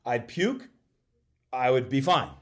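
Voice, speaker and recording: A man, a coach and podcast guest, telling a personal story in an animated way and acting out bits of dialogue. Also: mid-range voice. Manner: acts out dialogue in quick voices.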